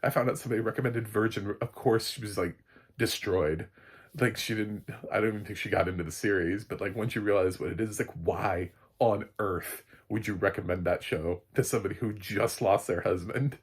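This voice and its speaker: A man with a low, husky voice talks through a casual movie review. He rambles, swears without a second thought and bursts out laughing at his own rants. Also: moderate pace. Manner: rambling, blunt, swears freely, laughs loudly.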